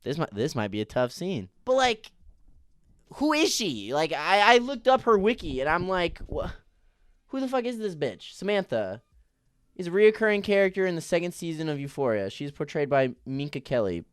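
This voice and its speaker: A man's voice: fairly high pitch, very animated, moderate pace, smooth, no echo, clean studio sound. A man giving a casual, opinionated TV recap, ranting in a profane, exasperated way. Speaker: TV recap vlogger.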